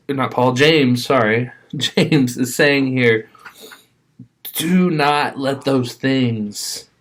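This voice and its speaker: Man giving a casual, chatty sermon. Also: medium pitch. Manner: conversational, with restarts and asides.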